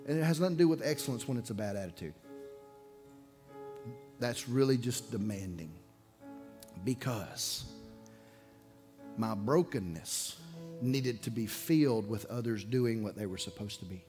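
A male pastor from preaches a sermon in a mid-pitched voice, swinging from loud, raised bursts to hushed, low confessions. Soft guitar plays faintly behind him. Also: measured pace, pauses often. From Alabama.

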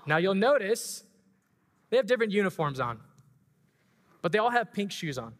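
A man with a bright, fairly high voice preaches to his congregation, telling a story with feeling and building to excited emphasis. His voice rings out through a church sanctuary with a long reverb trailing each phrase. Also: moderate pace. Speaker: pastor and school track coach. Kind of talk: sermon.

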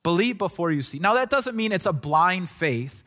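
A man's voice: high-pitched, animated, normal speed, sharp tone. A male pastor delivering a sermon in an earnest, conversational way, often restarting his sentences.

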